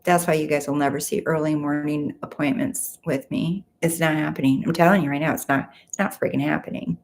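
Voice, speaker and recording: A woman's voice: deep voice, steady tone, a little fast. A woman hosting a casual livestream, reading viewer comments aloud and chatting back to them from home. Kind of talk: casual live chat.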